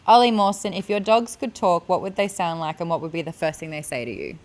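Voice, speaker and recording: A woman hosting a casual podcast chat, playful and quick to laugh. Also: fairly low pitch. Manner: playful, laughing, jumps into voices. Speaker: podcast host.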